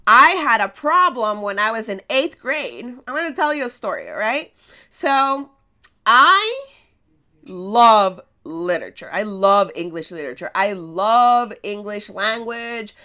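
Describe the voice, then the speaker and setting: With a sing-song, unhurried delivery, this podcast host's medium-pitched voice sounds pushed and bright. She's a native Spanish speaker with an American accent, telling stories in a casual motivational monologue, asking rhetorical questions and laughing at herself.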